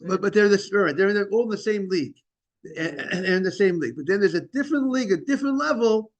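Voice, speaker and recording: A man teaching a Talmud class in a casual, halting way, repeating words and restarting sentences while greeting students. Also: high-pitched, animated. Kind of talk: informal Talmud lesson.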